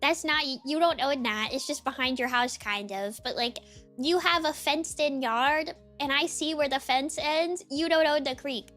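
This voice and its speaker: A young woman chatting on a live stream in a very high, chirpy voice. She rambles casually, full of "like" and "dude", with faint music playing underneath. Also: moderate pace, fairly bright tone. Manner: chirpy, greets viewers one by one in a sing-song lilt.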